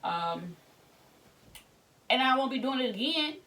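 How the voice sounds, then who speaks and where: A pregnant woman in her thirties vlogging casually while tidying her bedroom, telling candid, animated stories full of slang. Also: sits high, unhurried, distant mic. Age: 30s. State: pregnant, back aching. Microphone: camera set up across the room.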